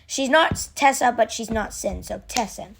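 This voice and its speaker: A woman excitedly recapping an episode in a casual, rambling way, with many fillers and restarts. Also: on the high side, normal speed, creaky, slight background noise.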